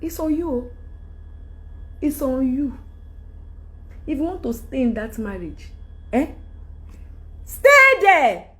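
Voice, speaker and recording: A Nigerian-accented woman in middle age talks in an emphatic, rambling way. Her voice sits high and swings widely in pitch. She drifts from point to point as she speaks. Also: animated, slow, pauses often. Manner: emphatic, rambling, switches into Yoruba. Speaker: celebrity speaking to followers. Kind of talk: candid monologue.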